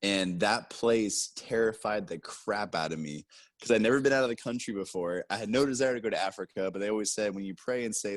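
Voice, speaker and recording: Man, lowish voice, casual storyteller, lively quoted bits, dry room. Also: quick pace, dry recording. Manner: animated, acts out quotes with raised pitch. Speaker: guest storyteller.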